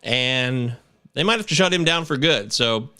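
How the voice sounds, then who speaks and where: A man in his thirties hosting a casual sports podcast, animated and swearing, breaking into shouts and chants. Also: mid-range voice, normal speed, clear, resonant tone. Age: 30s. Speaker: podcast host.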